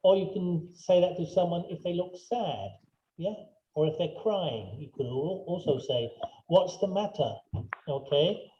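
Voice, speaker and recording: A man's voice: fairly high pitch, unhurried, muffled recording, slight background noise. A man teaching English in an online class, patient and repetitive, checking often that students follow. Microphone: video call.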